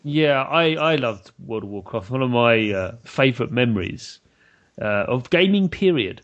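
Lively British male podcast host. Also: mid-range voice, normal speed, dull audio. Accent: British English. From Britain. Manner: chatty, enthusiastic, laughs often. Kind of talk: casual interview chat.

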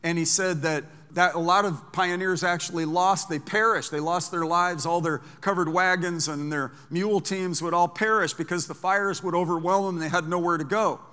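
A man's voice: sits high, steady tone, moderate pace, hardly any pauses, sharp tone, smooth. A man preaching a sermon as pastor, emphatic, reading scripture aloud and repeating words for stress. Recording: long hall reverb.

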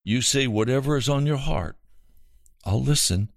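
A man voicing a calm country pastor who speaks gently and reassuringly. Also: medium pitch, normal speed, creaky, dry recording, studio quality, pitched above the performer's own voice, lightly acted. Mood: gentle.

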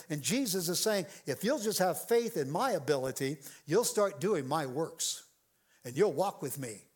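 A man preaching a sermon with a bright, high voice that leaps up and down constantly. He acts out quoted voices and jokes with the congregation as their pastor. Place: church sanctuary with congregation.

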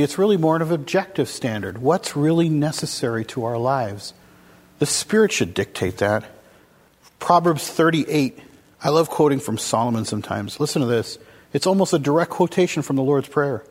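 A man preaching a casual, conversational sermon to a congregation, asking them questions as he goes. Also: a little high. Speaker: pastor. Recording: long hall reverb.

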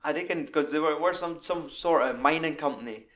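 A man's voice: fairly high pitch, fairly quick. Sweary man chatting about films. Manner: sweary, animated, enthusiastic. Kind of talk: casual film chat.

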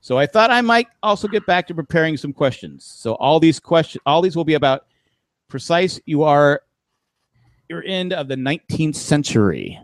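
Higher-voiced man telling stories, dry sound. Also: expressive, moderate pace, no echo. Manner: storytelling with laughs, acts out quoted voices. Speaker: podcast host. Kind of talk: casual podcast chat.

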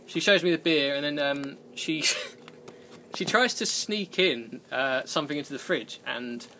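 A man's voice: a little high, unhurried, bright, forceful tone, slight background noise. A man hosting a podcast, telling a rambling, self-deprecating story in casual chat and laughing often. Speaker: podcast host.

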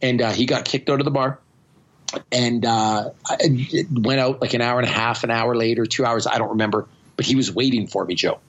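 A man's voice: mid-range voice, fairly even intonation, fairly quick, lo-fi sound. A man hosting a podcast, telling stories in a blunt, profane, self-mocking way. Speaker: podcast host. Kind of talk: casual storytelling chat.

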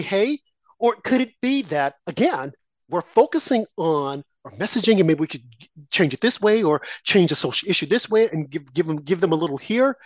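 A man's voice: sits high, dry recording, muffled recording. A man hosting a political talk show, preaching his point through strings of rhetorical questions that climb toward exclamations. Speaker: show host.

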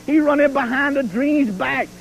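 A man's voice: very high voice, normal speed, gravelly, a little hiss or hum, rough recording. A man cutting a boastful, taunting wrestling promo in rhyming, preacher-like brags, heard from an archive TV clip. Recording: archive TV clip with cheering crowd.

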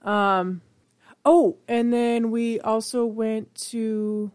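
A woman's voice: on the high side, fairly even intonation, very slow, darkish tone, no room sound, studio quality. Chatty woman podcast co-host. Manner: rambling, chatty, laughs easily. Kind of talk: casual chat.

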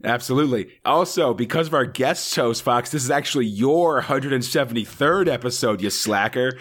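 An American man with a sick, slightly hoarse voice, co-hosting a casual podcast and joking around with a friend. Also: medium pitch, a bit bright. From United States. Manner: joking, rambling, quick asides. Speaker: podcast co-host.

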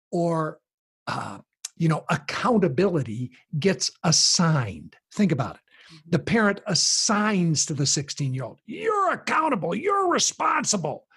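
Very husky, lively-voiced man. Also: on the high side. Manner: animated, acts out quoted voices. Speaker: guest explaining a parenting approach. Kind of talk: conversational explanation.

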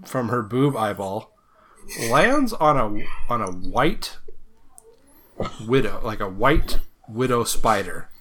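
Slow, animated man recapping a film. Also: mid-range voice, slight background noise. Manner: rambling, laughing, crude jokes, frequent ums and restarts. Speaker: podcast co-host. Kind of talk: casual movie review chat.

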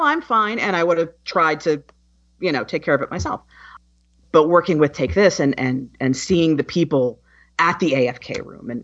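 A woman's voice: a bass voice, slightly rough. A woman who is a podcast guest, talking candidly and earnestly with many restarts. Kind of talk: casual interview chat. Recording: dull, muffled sound.

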